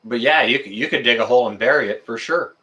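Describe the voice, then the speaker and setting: A man hosting a live stream, chatting casually with viewers in a rambling, excitable, jokey way. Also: medium pitch, fast, highs cut off. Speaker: livestream host answering chat.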